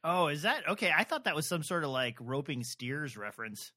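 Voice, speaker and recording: A man's voice: a little high, very animated, fairly quick, sharp tone. A man co-hosting a podcast, talking casually about a book in a rambling, hesitant way. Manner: rambling, hesitant, many fillers. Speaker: podcast co-host.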